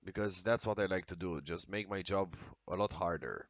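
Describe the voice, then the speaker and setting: A man streaming a video game, talking casually and excitably with lots of swearing and exclamations. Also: low voice, normal speed, no room sound. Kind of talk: casual live-stream commentary while playing.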